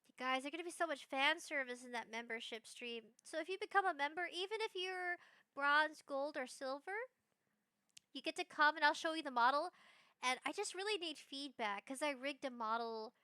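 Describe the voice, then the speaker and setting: A young woman streaming live, chatting in a rambling, bubbly way with bursts of excited squeals. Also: high voice, normal speed, no echo, clean studio sound. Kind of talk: casual live-stream chat.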